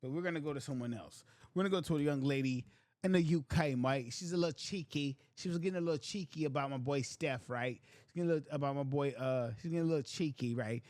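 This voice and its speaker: A man's voice: on the high side, fast talker, darkish tone, no echo. A man hosting casual commentary, talking emphatically and repeating lines from clips. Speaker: host.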